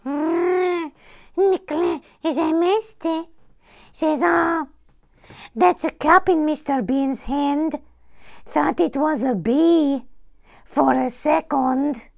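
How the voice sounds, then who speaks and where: A woman reads out names slowly in a very high, playful voice. Her tone has a gravelly edge. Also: a little mellow.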